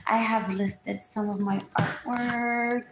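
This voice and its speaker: A woman's voice: on the high side, steady tone, slow pace, a little hiss or hum. Rambling woman in an echoey room. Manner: repetitive, drifting, often trailing into murmurs. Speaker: livestreamer. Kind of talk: rambling live stream monologue. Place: indoors at home. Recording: roomy echo.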